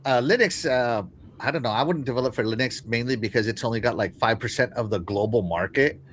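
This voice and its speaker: A man's voice: mid-range voice, a little fast, a bit bright, slight background noise. A man hosting a casual live-stream show, talking to his chat with lots of fillers and restarts. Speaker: podcast host.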